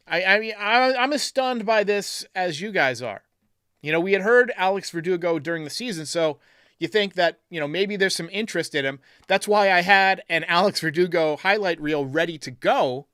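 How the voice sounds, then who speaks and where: A man hosts a casual live stream as a podcast host, chatting and reading viewer comments aloud while thinking things through. His slightly high voice is smooth, clear, bright, and forceful. The sound is close and dry, with no room sound or echo.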